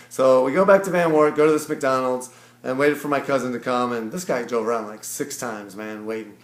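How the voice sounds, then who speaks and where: A man from Ohio recaps a long trip in a loose, rambling vlog monologue, stopping often for fillers and quoting others along the way. His voice sits in a middle pitch. The room gives it a noticeable echo. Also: normal speed. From Ohio, USA. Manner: rambling, filler-heavy, quotes people as he tells it. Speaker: vlogger. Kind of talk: casual storytelling recap.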